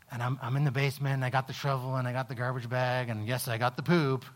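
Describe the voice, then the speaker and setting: A man preaching a sermon, telling a personal story with halting restarts, lively in the telling and quiet in reflection. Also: mid-range voice. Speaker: pastor.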